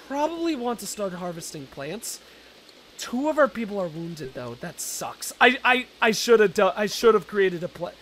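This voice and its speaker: Excitable male let's-player, very high and animated voice, barks orders at his units. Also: slight background noise. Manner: excitable, shouts orders at the game characters, self-deprecating. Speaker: game let's-play host. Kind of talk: casual gameplay commentary.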